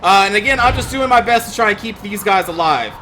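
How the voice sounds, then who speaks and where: A high-pitched man narrating a strategy game match, his commentary full of exasperated rants and frequent swearing. A clear noisy hiss runs under the voice throughout. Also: expressive, fast, sharp tone. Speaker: gaming channel host. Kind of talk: gameplay commentary.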